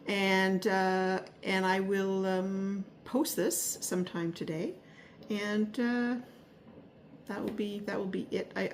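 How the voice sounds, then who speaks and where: In a mid-range voice with slight background noise, a woman vlogger shares a casual weekly garden update. She rambles and hesitates, with many fillers and restarts, and is a little out of breath, recording in the upstairs spare room of her home.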